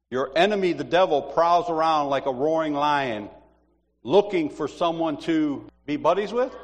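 A middle-aged man giving an informal, chatty sermon as a church teacher, telling stories with animation. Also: on the high side. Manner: chatty, animated storytelling with laughs. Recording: long hall reverb.

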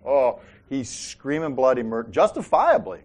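A man's voice: medium pitch, big pitch swings, moderate pace, a little mellow. A man hosting a faith talk show, telling personal stories and often checking in with "right?" and "Amen?". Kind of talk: faith-based casual talk.

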